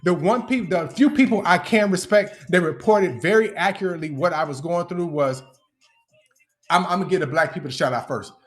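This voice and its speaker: A man's voice: high-pitched, brisk. Heated, profane man ranting on a live stream. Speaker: livestreamer addressing critics. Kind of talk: angry live-stream rant.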